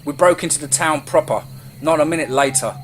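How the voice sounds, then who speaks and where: A man's voice: fairly high pitch, a little fast, slight background noise. Man narrating a horror story over crickets. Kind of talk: dramatic first-person horror storytelling.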